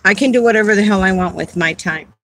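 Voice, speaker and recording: A woman's voice: mid-range voice, quick pace, a bit bright, poor audio. A woman and caregiver advocate talking casually on a livestream, heartfelt and rambling, repeating words as she goes.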